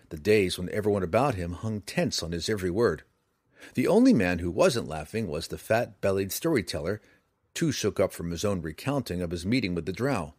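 A man reading a fantasy novel aloud with dramatic, expressive narration. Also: deep voice, breathy edge, no echo, studio quality. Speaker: audiobook narrator.

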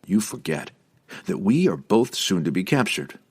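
A proud male dark elf swordsman speaks with smug, unhurried calm, voiced by a man narrating the book. His voice is deep and slightly husky, steady and controlled. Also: full character voice.

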